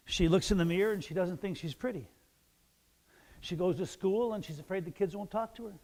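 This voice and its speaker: A man's voice: high-pitched, darkish tone. A man, a pastor, giving a children's sermon in a church, chatting playfully with the kids and joking as he tells a story. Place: church sanctuary.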